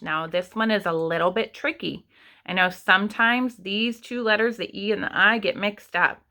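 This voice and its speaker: A young adult woman teaching an online kindergarten writing lesson, sounding out words slowly and patiently for young children. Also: medium pitch, vocal fry, sharp tone. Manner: slow, sounding out words step by step.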